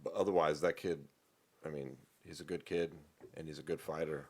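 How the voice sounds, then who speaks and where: Man, very deep voice, casual sports talk, swears a lot. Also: steady tone, a little fast, a little mellow. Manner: swears freely, laid-back and talkative. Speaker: podcast co-host. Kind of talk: casual chat.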